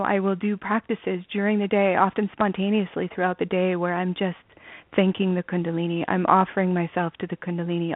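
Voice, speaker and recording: A woman's voice: on the low side, no echo. Earnest woman guest on a tinny line. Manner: earnest, with fillers like "you know". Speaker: interview guest, spiritual student. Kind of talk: conversational interview. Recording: dry, tinny phone-like line.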